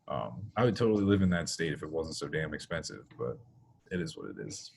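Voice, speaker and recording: Man with a very deep, husky voice. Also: sing-song, brisk, a little mellow. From US East Coast. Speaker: podcast co-host. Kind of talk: casual chat.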